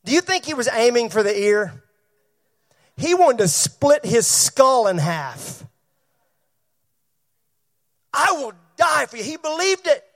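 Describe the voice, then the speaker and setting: A man preaches a sermon in church, his voice pitched very high. He asks the congregation questions and calls on people by name as he goes. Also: very animated, a little slow. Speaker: pastor.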